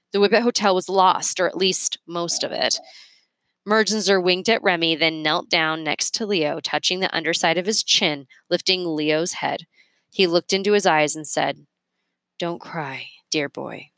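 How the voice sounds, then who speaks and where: A woman reading a children's novel aloud with expressive, measured storytelling. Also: fairly low pitch, dry recording. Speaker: reader.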